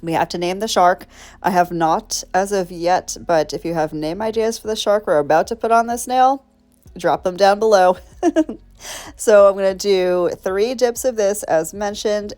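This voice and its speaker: A woman's voice: medium pitch, a little mellow. A woman chatting through a nail tutorial in a bubbly, rambling way, talking straight to her viewers. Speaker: nail art creator.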